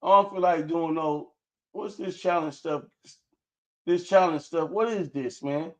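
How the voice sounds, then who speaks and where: A man's voice: fairly high pitch, a little slow. A man hosting his own livestream, talking casually and rambling about sneakers and street culture, full of "man" and "y'all". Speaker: livestream host.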